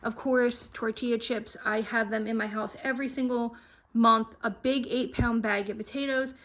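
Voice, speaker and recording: Unpacking groceries in her kitchen at home, a young woman talks casually about the deals she got, slightly breathless. Her voice sits on the high side, fairly bright, with a steady tone and moderate pace.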